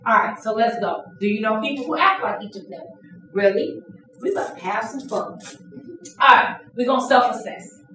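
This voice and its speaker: A woman's voice: a little high, normal speed, distant mic, a little hiss or hum. Playful woman trainer in an echoey room. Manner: lively, playful, acts out examples. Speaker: workshop trainer. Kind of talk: interactive classroom lesson.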